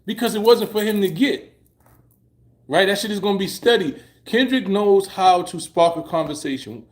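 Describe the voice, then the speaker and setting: High-voiced man riffing emphatically. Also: darkish tone. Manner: emphatic, repetitive and profane, drifting high when he presses a point. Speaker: vlogger reacting to a halftime show. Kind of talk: casual opinion commentary.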